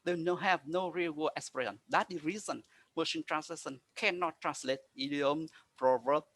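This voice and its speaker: A man giving a conference presentation over a video call, speaking haltingly with frequent restarts and nonstandard grammar. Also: fairly high pitch, fairly bright tone, no echo. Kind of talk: lecture presentation.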